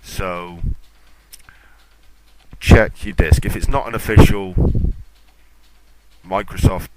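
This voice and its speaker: A man's voice: low voice, fairly even intonation, slow pace. A man hosting a tech podcast, chatting casually in a rambling, self-mocking way and going off on rants. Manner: ranting, self-mocking, off-topic. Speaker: podcast host. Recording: loud background noise.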